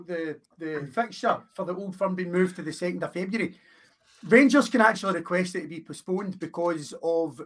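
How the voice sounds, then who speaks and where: A man on a football podcast, explaining rules in a halting, restarting way. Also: sits high. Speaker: podcast co-host. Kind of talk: casual chat.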